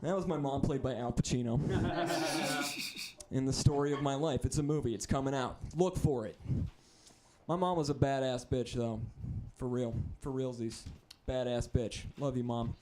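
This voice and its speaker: A young man from the Midwest doing a stand-up comedy set, rambling and self-deprecating with crude deadpan asides. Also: medium pitch, moderate pace. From American Midwest (Wisconsin).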